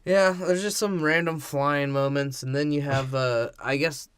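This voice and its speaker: A man's voice: on the high side, fairly even intonation, unhurried, fairly bright tone, smooth, no room sound, clean studio sound. A man co-hosting a casual podcast, laughing often and swearing as he breaks down a movie. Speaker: podcast co-host.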